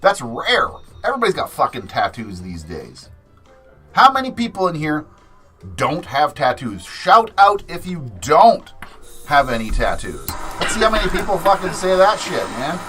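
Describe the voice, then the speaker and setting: A man in his forties chats on his livestream, his pitch leaping all over the place as he swears and laughs through stories. His voice is bright and a touch high for a man, loose and unfiltered. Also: big pitch swings, normal speed, husky, faint music behind. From Canada. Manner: profane, laughing storyteller. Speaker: livestream host. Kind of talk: casual livestream chat.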